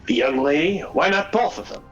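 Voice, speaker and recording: A game master voicing a gruff middle-aged husband who is bitter and accusing in an argument. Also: mid-range voice, lively intonation, moderate pace, muffled recording, soft background music, natural voice. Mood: bitter, indignant.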